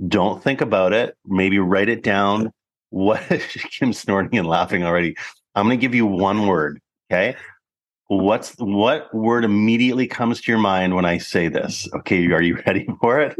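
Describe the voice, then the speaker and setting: A man's voice: on the low side, normal speed. A man in his fifties co-hosting a podcast, chatting casually and joking playfully, with some swearing. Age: 50s. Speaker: podcast co-host. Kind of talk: casual chat.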